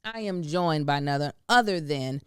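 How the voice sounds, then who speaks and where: Lively woman host with a smooth, dry voice. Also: low-pitched, moderate pace, dry recording. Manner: lively, teasing and laughing. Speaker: podcast host. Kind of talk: casual chat.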